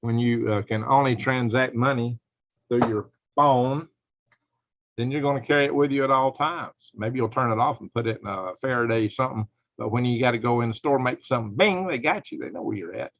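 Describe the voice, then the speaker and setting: A man's voice: medium pitch, fairly quick, a bit bright, dry recording. A man hosting a live show, talking in a rambling, speculative way with frequent chuckles. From United States. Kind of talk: rambling live-stream commentary. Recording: dull lo-fi dry sound.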